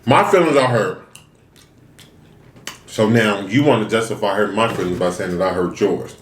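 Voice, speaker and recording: A man's voice: lowish voice, moderate pace, roomy sound, a little hiss or hum. A man chatting casually to viewers while eating, venting and asking rhetorical questions. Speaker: mukbang vlogger. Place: room, eating on camera.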